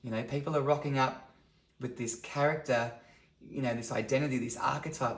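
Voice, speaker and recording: A man's voice: medium pitch, fairly even intonation, fairly quick. A man in his thirties, a guest talking earnestly in a reflective podcast conversation. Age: 30s. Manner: earnest storytelling, acts out quotes. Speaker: podcast guest, men's coach. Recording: roomy echo.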